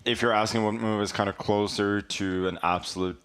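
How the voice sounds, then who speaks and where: A man's voice: on the low side, fairly even intonation, a little fast, a bit bright, slight background noise. A man commentating chess in a studio, laid-back and dry, with many fillers. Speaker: guest commentator.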